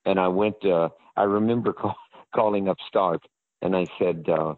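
Older male guest from the American South, very deep voice, rambling, full of fillers, on a dry phone-quality line. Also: normal speed, no room sound. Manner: rambling and hesitant, with many fillers and restarts. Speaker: interview guest. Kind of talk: casual anecdotal storytelling.

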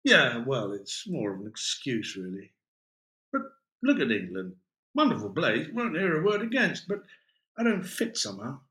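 A man's voice: mid-range voice, wildly swooping pitch, normal speed, bright, forceful tone. A man voicing a brash, pompous young male English teacher who talks in a grand, theatrical way. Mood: wistful.

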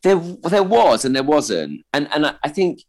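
A man's voice: on the high side, big pitch swings, moderate pace, rough recording. A man in his thirties with a posh-sounding voice, a comedian guest in a radio interview, talking hesitantly with many restarts. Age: 30s. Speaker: stand-up comedian.

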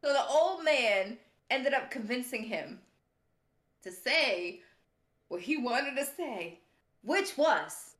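A sassy woman telling a story on a podcast, animated and quick to laugh. Her voice sits a little high. The room echoes around her. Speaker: podcast co-host. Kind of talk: casual storytelling chat.

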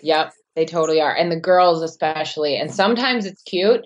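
A young woman from Wisconsin with a softened Midwestern American accent, chatting casually with many fillers and laughs. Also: expressive, brisk. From Wisconsin, United States. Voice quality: low-pitched voice. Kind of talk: casual chat. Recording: dull, muffled sound.

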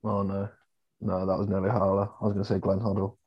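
A man's voice: sits low, completely flat delivery, fast, slightly rough, lo-fi sound. A man co-hosting a casual football podcast, joking and guessing trivia answers. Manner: jokey banter, guessing answers. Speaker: podcast co-host.

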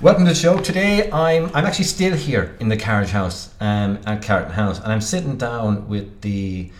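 A low-voiced Irish man hosts a relaxed interview and chats easily, with fillers and quick laughs. He sounds a little out of breath. The recording carries a noticeable roomy echo. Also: faint music behind. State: slightly out of breath. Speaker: podcast host. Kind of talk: casual interview chat. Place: room at a golf resort.

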